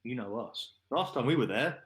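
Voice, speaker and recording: A man hosting a live darts stream in a relaxed, chatty way. His voice sits at an ordinary middle pitch. He laughs easily and talks loosely with his co-hosts. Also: moderate pace. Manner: chatty, laughing, reads viewer questions aloud. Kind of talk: casual live stream chat.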